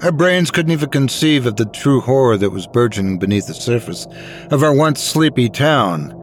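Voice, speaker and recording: A man telling a horror story in a dramatic, expressive scripted narration. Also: mid-range voice, moderate pace, faint music behind.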